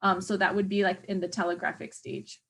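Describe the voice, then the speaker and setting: A woman teaching an exam review lecture, chatty and hesitant, often pausing to search for words with many fillers. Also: mid-range voice, level tone. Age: adult parent of a young child. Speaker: teacher educator.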